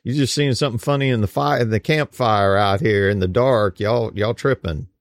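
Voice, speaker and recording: A man's voice: lowish voice, moderate pace, dry recording, lightly acted. A man voicing a zealous male apostle, talking in streetwise slang and boasting of his loyalty. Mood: dismissive.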